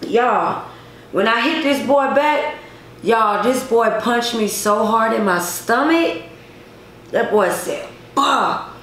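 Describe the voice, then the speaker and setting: A woman's voice: a little high, animated, slow pace, a bit bright. A woman vlogger telling a personal story to her viewers in a casual, emphatic way, with many repetitions. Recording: echoey room, faint noise.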